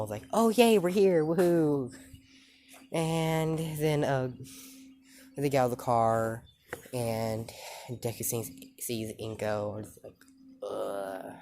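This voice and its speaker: A man's voice: medium pitch, a little mellow, slight background noise. A man telling an improvised fan-fiction story, rambling with many fillers and self-corrections.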